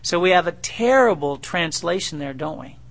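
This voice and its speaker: A male preacher delivers his sermon in a high, bright voice. He speaks in an animated, conversational way and keeps turning to the congregation with rhetorical questions. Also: moderate pace.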